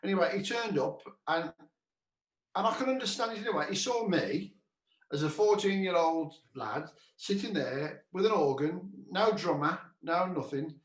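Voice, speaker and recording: A man's voice: sits high, animated, normal speed. Man telling a rambling story, roomy echo. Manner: rambling, repeats "he said", restarts often. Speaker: cabaret musician host. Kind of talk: casual anecdote telling.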